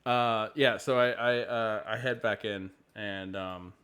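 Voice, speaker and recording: A man's voice: fairly low pitch, fairly even intonation, takes it slowly, fairly bright tone, smooth. A man playing a tabletop game over a video call, easygoing and self-mocking. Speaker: player. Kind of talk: casual tabletop game play.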